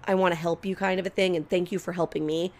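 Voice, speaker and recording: A woman's voice: fairly low pitch, fairly even intonation, quick pace, darkish tone. A young adult woman co-hosting a podcast, telling a long story in casual chat, acting out quotes and swearing freely. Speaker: podcast co-host.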